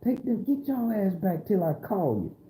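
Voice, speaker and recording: A man's voice: high voice, big pitch swings, normal speed, echoey room, very noisy, pitched above the performer's own voice. A man voicing a fierce, bossy older grandmother who barks orders and curses, raised well above his own voice. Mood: commanding. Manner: shouting orders, cursing.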